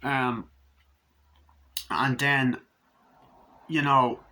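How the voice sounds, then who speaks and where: A man's voice: medium pitch, fairly even intonation, drawn-out words, pushed and bright. A man giving a casual, unscripted movie review, rambling, swearing freely and acting out scenes. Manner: rambling, profane, acts out scenes.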